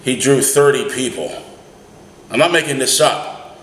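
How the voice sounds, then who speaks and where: A cab driver gives a heated, emphatic political rant full of rhetorical questions in an opinionated vlog. He speaks unhurriedly in a mid-range voice. The room is echoey, with faint ambience and a little hiss or hum.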